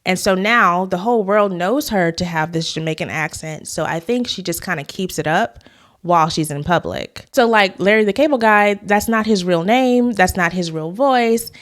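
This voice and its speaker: Talking at a normal speed with a fairly low-pitched voice, a woman hosts a YouTube commentary vlog, chatting with viewers and offering her opinions directly.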